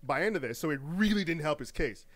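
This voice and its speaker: Podcast guy w/ kinda high voice, riffing on gaming news, slangy, laughs a lot, repeats himself. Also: lively intonation, fast, fairly bright tone. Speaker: podcast co-host. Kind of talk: casual gaming news commentary.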